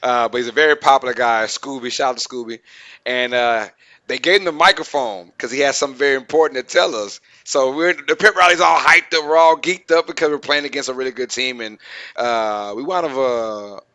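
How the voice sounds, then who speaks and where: A man's voice: mid-range voice, brisk, bright, forceful tone. A young man co-hosting a sports podcast, telling stories in casual, slangy talk and laughing often. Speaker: podcast co-host.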